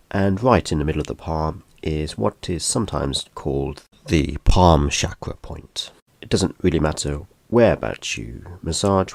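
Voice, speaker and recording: A man teaching a gentle hand massage, speaking in a soft, unhurried, calm instructional way. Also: very deep voice, gravelly, no room sound.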